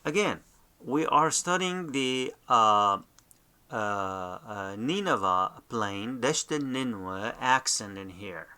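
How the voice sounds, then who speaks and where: Slow, halting man teaching a language. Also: mid-range voice, animated, sharp tone, smooth. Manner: slow, halting, many fillers and restarts. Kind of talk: unscripted lesson.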